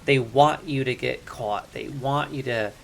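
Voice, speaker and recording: A man streaming a video game live, talking his moves through aloud to his chat, and loud and jumpy whenever something startles him. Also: mid-range voice, unhurried, vocal fry, a little hiss or hum. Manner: chatty, thinks aloud to chat. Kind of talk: live gameplay commentary.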